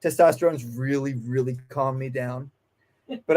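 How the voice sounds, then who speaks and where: A man's voice: sits high, very animated, normal speed. A man, a dog trainer and guest, telling stories in a casual, emphatic way with frequent swearing, acting out the voices he quotes. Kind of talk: animated storytelling in casual conversation.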